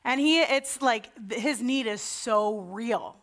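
A woman's voice: on the high side, slow pace, a bit bright. Woman pastor telling stories from the pulpit. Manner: chatty, story-telling, self-deprecating. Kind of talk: sermon.

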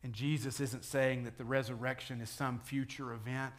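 Man, pastor, sermon, conversational preaching, mid-pitched voice. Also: level tone, normal speed. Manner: conversational preaching, rising to loud dramatic quotes.

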